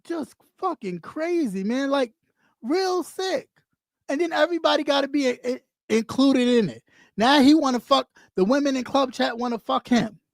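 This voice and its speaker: The voice belongs to a woman streamer who speaks in a high pitch and rants bluntly at her audience. She swears constantly and mocks people as she goes. The recording is dry and close, with no room echo. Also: animated, moderate pace, creaky. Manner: blunt, mocking, heavy swearing. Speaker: YouTube streamer. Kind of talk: profane rant on camera.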